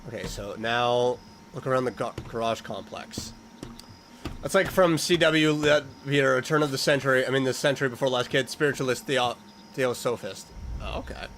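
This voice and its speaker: A man's voice: medium pitch, normal speed, fairly bright tone, a little hiss or hum. A man playing a horror video game and commenting as he goes, talking to the characters and yelping when startled. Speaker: let's-play host.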